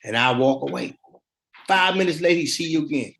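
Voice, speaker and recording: His voice is a little high, a little fast, and full of vocal fry as this middle-aged podcast guest relaxes into his life story. He uses colloquial street language and acts out the people in it.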